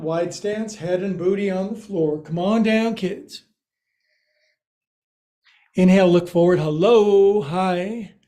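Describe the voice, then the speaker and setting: A man's voice: high-pitched, warm tone. A man teaching a livestreamed yoga class, counting and cueing moves with playful jokes. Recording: roomy, echoey room.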